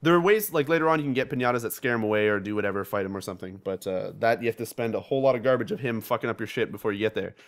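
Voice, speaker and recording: A young man hosting a casual gaming podcast, telling animated stories with lots of swearing and laughter. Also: lowish voice. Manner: fast, animated storytelling with frequent swearing and laughter. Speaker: podcast host.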